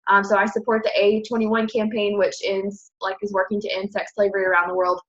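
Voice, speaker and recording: A woman's voice: mid-range voice, level tone, fairly quick, fairly bright tone, highs cut off. A woman in her twenties giving a casual presentation to her team, chatty and upbeat, with lots of fillers and self-corrections. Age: 20s.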